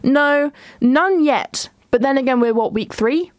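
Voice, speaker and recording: Young woman, solo podcast host, rambling casual chat, a touch high-pitched, dry close sound. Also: measured pace, no echo. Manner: chatty, rambling, frequent ums and restarts.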